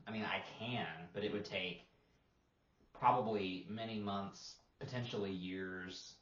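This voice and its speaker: Deep-voiced guy teacher rambling in a laid-back chat, lots of likes and ums, echoey dull audio. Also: unhurried. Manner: relaxed, rambling with many fillers. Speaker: English teacher and podcast co-host. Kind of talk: casual roundtable discussion.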